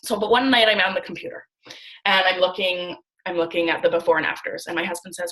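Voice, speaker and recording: A woman in her thirties from Canada, telling her story in a casual, animated way on a video call and acting out the dialogue she quotes. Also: fairly low pitch, fast talker, poor audio. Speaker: guest speaker on a training call.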